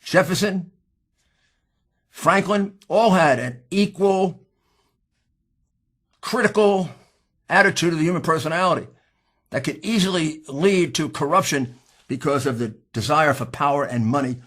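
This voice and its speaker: A man with a husky voice giving an impassioned, combative political speech, pushing hard on key words. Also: a little high, unhurried, pauses often. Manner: emphatic, combative, rising to shouts. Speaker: speaker at a political hearing.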